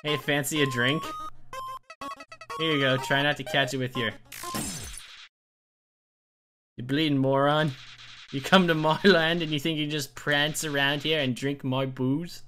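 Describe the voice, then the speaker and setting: A man's voice: on the high side, fairly even intonation, normal speed, bright, forceful tone, soft background music. A man voicing a cocky male balloon unicorn creature with a put-on British accent, mocking and taunting. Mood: scornful.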